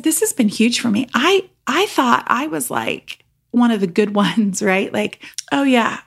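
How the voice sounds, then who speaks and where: A woman's voice: mid-range voice, creaky, husky. An American woman in her thirties hosting a podcast, talking in an earnest, emotional way and repeating phrases for emphasis. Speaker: podcast host. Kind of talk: personal podcast monologue.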